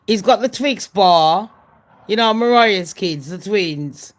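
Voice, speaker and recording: A woman's voice: mid-range voice, expressive, slow pace. A woman, hosting her channel and gossiping in a loose, profane way, often laughing at her own jokes. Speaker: channel host. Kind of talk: casual gossip chat.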